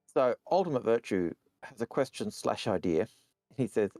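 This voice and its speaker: A man's voice: fairly low pitch, lively intonation, normal speed, a little mellow, no echo. A man co-hosting a casual Q&A, reading out viewer questions and chatting, often repeating words as he starts his sentences. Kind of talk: casual Q&A chat.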